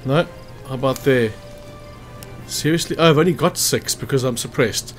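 A man's voice: mid-range voice, normal speed, faint music behind. A man casually commentating a strategy game walkthrough, chatty and thinking aloud as he checks hit chances. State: hiccuping after lunch. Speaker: gameplay commentator.

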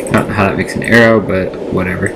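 A man's voice: deep voice, steady tone, fast talker, gravelly. A man chatting casually to himself and his viewers as he plays a game, recorded on a built-in laptop microphone. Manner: chatty, rambling self-talk to viewers. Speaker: let's play gamer. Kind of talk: casual gameplay commentary. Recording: noisy lo-fi laptop mic recording.

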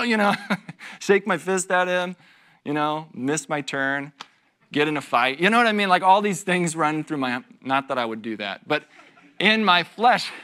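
A man preaching a conversational sermon, telling stories about himself with laughter and quick asides to the congregation. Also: on the high side. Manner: animated, self-deprecating storytelling with laughs and asides to the congregation. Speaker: pastor teaching a Bible study. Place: church.

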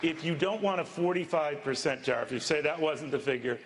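A man's voice: a little high, fairly quick. A man moderating a debate, pressing for a direct answer. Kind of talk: debate questioning.

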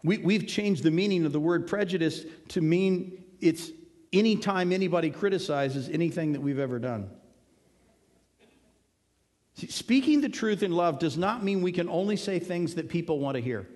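A man's voice: sits high, expressive, moderate pace, a little mellow. A male pastor giving an earnest, conversational sermon, driving points home with emphatic repetition. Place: church sanctuary. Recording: long hall reverb.

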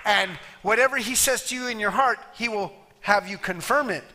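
A man's voice: high voice, normal speed, noisy background. A man preaching a sermon as pastor, plain-spoken and emphatic, acting out little voices for humor. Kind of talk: sermon with altar call. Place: church sanctuary.

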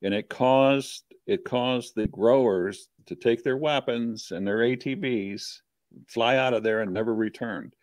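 A man hosting a talk show, speaking in a halting way and repeating his words. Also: mid-range voice, dry recording. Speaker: podcast host. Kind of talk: casual chat.

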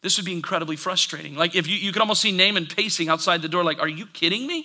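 A man preaching a sermon as pastor, telling the story in an animated, conversational way. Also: high-pitched, racing.

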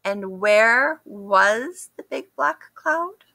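A woman reading a children's picture book aloud, expressive and asking the listeners questions. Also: a little high, very slow, vocal fry. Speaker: storybook reader. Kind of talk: children's story read-aloud.

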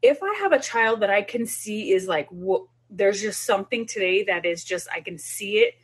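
A woman's voice: mid-range voice, lively intonation, moderate pace, slightly rough. A woman who is a child development specialist, giving a conversational parenting workshop and acting out little dialogues with children. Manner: conversational, acts out dialogue with her kids.

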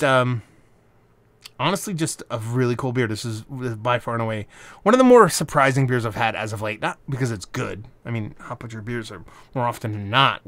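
A man rambles through a casual beer review, cursing freely and swinging his voice up and down with plenty of energy. His voice sits at a middle pitch. The sound is dry and close, with no room echo. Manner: animated, rambling, swears freely.

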